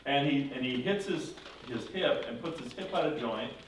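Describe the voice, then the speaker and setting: A man's voice: mid-range voice, normal speed. A man teaches a confirmation class, retelling a story with animation and breaking into character voices. He is recorded from a distance in a strongly reverberant room. A faint hiss sits underneath. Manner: animated retelling, acting out characters, self-correcting. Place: church classroom. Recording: echoey room from far off with faint noise.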